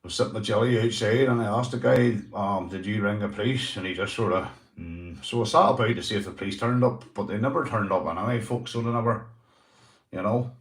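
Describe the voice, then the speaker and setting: This Northern Irish livestream host has a lowish voice and talks fast while loosely reading viewer comments. He swears and calls people mate, and his room is echoey.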